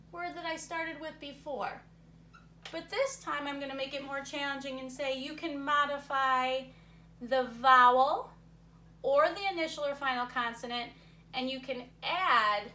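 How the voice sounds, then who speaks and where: A high-pitched, sharp-toned woman teacher runs a word game for young students in a recorded reading lesson, encouraging them while thinking aloud. The sound is roomy and far off, with faint noise in the background.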